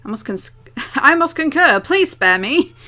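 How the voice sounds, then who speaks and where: Secretive company man, woman reading, calm, soft, knowing, bright tone. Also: sits high, a little slow, pitched above the performer's own voice, full character voice. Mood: pleading.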